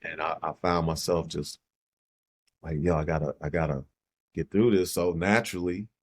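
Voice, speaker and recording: Podcast guest: middle-aged Chicago man, very low voice, reflective and halting, repeats phrases. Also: fairly even intonation. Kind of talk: personal storytelling in conversation.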